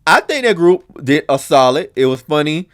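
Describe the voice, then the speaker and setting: Animated, blunt male podcast host. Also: fairly high pitch, normal speed. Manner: chatty, blunt and expressive, with frequent swearing. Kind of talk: casual reaction commentary.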